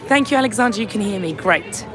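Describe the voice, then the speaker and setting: A hoarse, tired woman hosting a casual live-stream chat outdoors outside a venue, reading out viewer comments into a phone held at arm's length. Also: medium pitch, animated, fast talker. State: hoarse, lost voice. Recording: crowd noise on a busy street.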